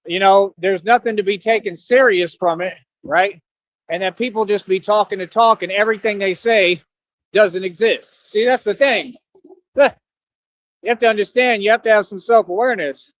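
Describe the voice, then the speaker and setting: A man's voice: sits high, a bit bright, muffled recording. A man streaming a casual commentary monologue, talking in a conversational way with rhetorical asides. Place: home streaming setup.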